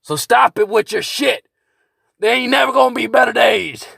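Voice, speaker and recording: A man voicing a crazed older male war veteran who rants, curses and shouts from his bunker. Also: extremely high pitch, moderate pace, gravelly, no echo, clean studio sound, voice pushed up, exaggerated voice. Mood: ranting. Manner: ranting, cursing, shouting.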